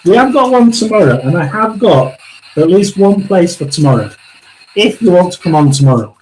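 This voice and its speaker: A man's voice: sits high, very animated, moderate pace, darkish tone, a little hiss or hum, poor audio. A man from England hosting a live tarot and spirit reading, musing aloud, talking to spirits and viewers, and laughing often. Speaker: psychic medium livestream host.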